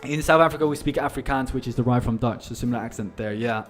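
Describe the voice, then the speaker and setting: A man's voice: mid-range voice, quick pace. Man, casual live stream host, talks market charts to viewers, faint music behind. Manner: casual, chatty, addresses viewers as guys.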